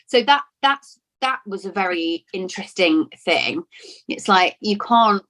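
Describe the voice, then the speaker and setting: Chatty actress from lincoln, middle pitch, lots of restarts and repeats, interview chat. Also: female voice, animated, measured pace, fairly bright tone. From Lincoln, England. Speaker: actor being interviewed.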